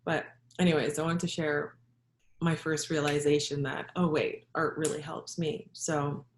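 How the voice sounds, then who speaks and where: A middle-aged woman, a health practitioner and yoga teacher, sharing a personal story in a reflective, halting way with soft laughs. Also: low-pitched, flat delivery, a little hiss or hum. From Jamaica. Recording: echoey room.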